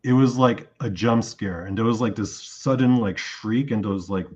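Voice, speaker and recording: On a muffled recording, an interview guest speaks at a moderate pace in a lowish voice with a breathy edge. He casually recounts a lengthy dream with real animation, performing the things he said in it.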